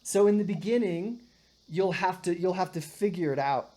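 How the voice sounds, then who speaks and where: Low-voiced woman teaching guitar. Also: moderate pace, dark tone. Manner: patient, explains with many "right?" checks, sings short demonstrations. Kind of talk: one-on-one music lesson.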